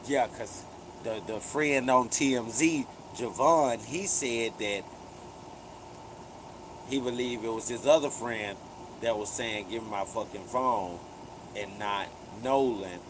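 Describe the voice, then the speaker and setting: A man's voice: medium pitch, slow, noisy background. A man hosting a live commentary stream, casually retelling events in profane street slang with heavy emphasis. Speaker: livestream commentary host.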